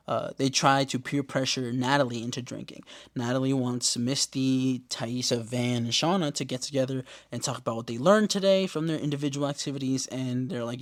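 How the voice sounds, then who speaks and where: Joking and swearing in easygoing slang, a male podcast host runs through a casual recap, sometimes erupting into loud, high-pitched outbursts.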